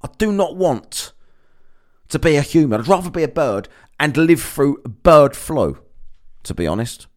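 A man rants straight at his audience, sarcastic and mocking, with swearing scattered all through. His voice sits a bit high for a man and swoops widely up and down as he scoffs. The delivery is a loose, running monologue of complaints. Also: sing-song, measured pace, a little mellow. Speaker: vlogger. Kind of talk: ranting monologue.

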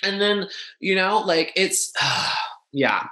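A man's voice: sits high, animated, bright, forceful tone. A man in a casual discussion, talking with passion, speeding up and stumbling over restarts and fillers. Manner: impassioned, fast-talking with frequent restarts and fillers.

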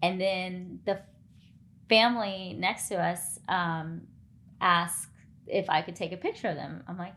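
A woman's voice: on the low side, a little slow. A woman podcast co-host telling a story in casual chat, acting out the lines of the people in it. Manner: animated, acts out quoted dialogue.

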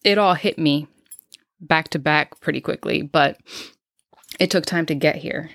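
Her voice sits low with a fairly bright tone as this thirtysomething podcast host speaks at a measured pace, clean studio sound with no echo. The show is unscripted, and she thinks aloud reflectively and candidly, full of fillers and restarts, a bit out of breath.

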